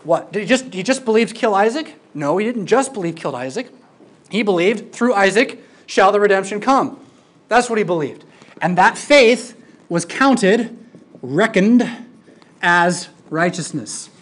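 Animated Bible teacher lecturing a class. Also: mid-range voice, measured pace. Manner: animated, emphatic, with informal asides. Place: classroom with a projected screen.

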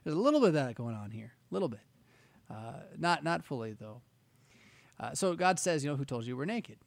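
A man's voice: fairly high pitch, big pitch swings, brisk, vocal fry, dry recording. A man giving conversational Bible teaching, rambling and self-interrupting, with wry asides.

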